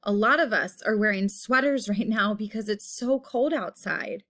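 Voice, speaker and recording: A woman teacher giving a phonics lesson, saying each word slowly and repeating it while stretching the vowel sounds. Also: medium pitch, fairly bright tone.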